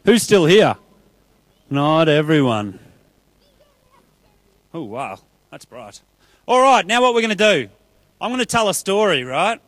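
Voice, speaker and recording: A man with a high voice leads a church children's talk, chatty and upbeat as he pulls volunteers into a story. The sound is dry and close. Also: big pitch swings, a little slow, pauses often, fairly bright tone, no room sound. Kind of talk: children's talk with audience play.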